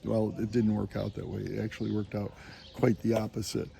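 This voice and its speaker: A man with a gravelly, mellow voice talks through a casual spoken meditation while out on a walking pilgrimage. He rambles and hesitates with plenty of fillers. He chuckles often as he tells his stories. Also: on the low side, little pitch movement, brisk, slight background noise. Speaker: pilgrim vlogger.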